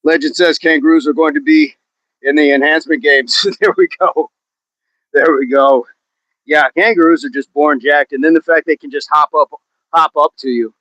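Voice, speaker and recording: Joking man, slightly high voice. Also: moderate pace, a bit bright. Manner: joking, chatty, laughs often. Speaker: fitness livestream host. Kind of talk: casual livestream chat reading viewer comments. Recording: dull, dry, lo-fi sound.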